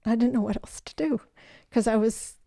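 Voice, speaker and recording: An older woman, the guest in an interview, telling her life story in an animated way and acting out the voices of people in it. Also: fairly high pitch, normal speed, vocal fry, no echo, clean studio sound. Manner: animated storyteller who acts out quoted voices.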